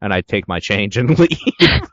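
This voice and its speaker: A man's voice: fairly low pitch, very animated, a little slow, fairly bright tone, no room sound. A man co-hosting a podcast in casual chat, blunt and profane, ranting with glee. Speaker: podcast co-host. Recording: slightly dull dry sound.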